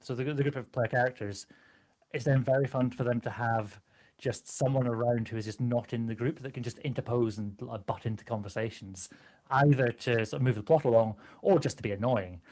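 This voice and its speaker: A man chatting casually about voicing characters, animated and quick to laugh. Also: mid-range voice. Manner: animated, laughs often, slips into character voices. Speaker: guest game master. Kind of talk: casual chat about voice acting.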